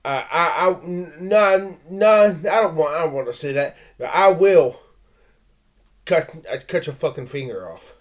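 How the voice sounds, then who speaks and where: A man's voice: on the high side, measured pace. A man vlogging a rambling personal rant, stammering and restarting, growing heated and blunt. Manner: stammering, with frequent restarts and repeated words; intense and heated, with blunt threats.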